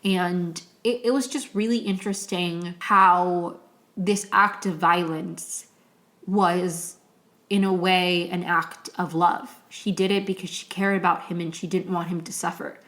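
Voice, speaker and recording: A woman's voice: lowish voice, fairly even intonation, measured pace, a bit bright. A young woman hosting her own podcast, recapping a TV episode in a casual, emotional, rambling way with many restarts. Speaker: podcast host.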